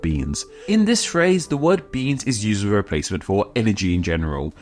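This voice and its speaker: A man's voice: deep voice, very animated, a little fast, a little mellow. A British man from the United Kingdom giving a scripted explainer, chatty with self-mocking asides. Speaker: YouTuber explaining idioms.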